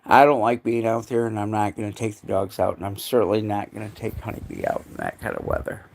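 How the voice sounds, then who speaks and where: A man's voice: lowish voice, big pitch swings, fast, vocal fry. A man chatting casually on a live stream at home, cooing baby talk to his dogs in between. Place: indoors at home.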